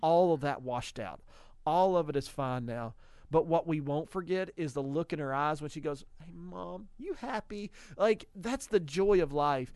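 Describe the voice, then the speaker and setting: A man co-hosting a Christian radio show, telling family stories in an animated, casual way. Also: a little high, moderate pace, clean tone, dry recording. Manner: animated storyteller, acts out quotes. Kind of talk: casual faith talk on radio.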